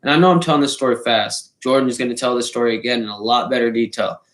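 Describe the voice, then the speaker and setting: A man spins a rowdy anecdote in loose, casual talk, heavy with swearing and punchy sound effects. His voice sits at an ordinary middle pitch, and the room around him rings with a noticeable echo. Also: fast. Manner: profane, animated, fond of sound effects. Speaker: storyteller. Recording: roomy echo.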